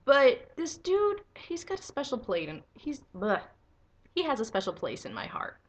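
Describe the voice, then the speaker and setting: Excitable young woman reviewing comics. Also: medium pitch, normal speed. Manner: excitable, swears freely, squeals with enthusiasm. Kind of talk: casual video review.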